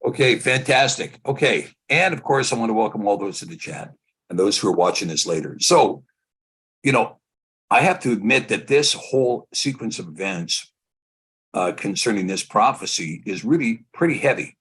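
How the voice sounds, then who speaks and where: A man with a low, husky voice hosts a live online talk show. He talks in a conversational way, giving opinionated commentary and building each point slowly and at length. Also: lively intonation, fairly bright tone. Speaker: host.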